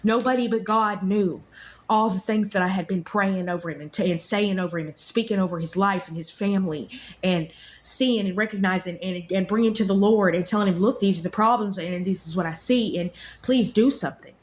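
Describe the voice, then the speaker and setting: A woman's voice: medium pitch, a little fast, slight background noise. A woman, earnestly telling a personal faith story in a rambling way, repeating her phrases. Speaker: vlogger sharing a faith testimony.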